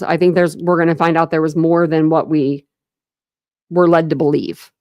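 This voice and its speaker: A rambling, chatty young woman hosts a home true crime livestream, her voice sitting on the low side. She talks to viewers with plenty of fillers and false starts, and the sound is dry and close. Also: fairly even intonation, normal speed, vocal fry, a little mellow, no room sound. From Ohio. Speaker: true crime channel host. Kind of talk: casual livestream chat with viewers.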